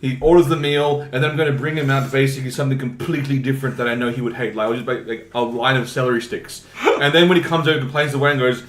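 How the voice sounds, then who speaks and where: A man's voice: mid-range voice, steady tone, rapid-fire, echoey room. A man co-hosting a podcast, chatting casually and spinning playful, rambling stories. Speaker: podcast co-host. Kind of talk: casual chat.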